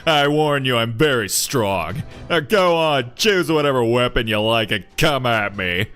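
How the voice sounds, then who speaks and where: A man voicing a smooth, overly friendly foreign man in a game, speaking deep, slow and pompous. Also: lively intonation, fairly bright tone, faint music behind. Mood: challenging.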